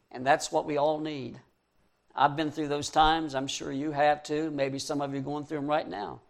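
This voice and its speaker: A man preaching a sermon, reading scripture verse by verse and rising to fervent emphasis. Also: on the high side.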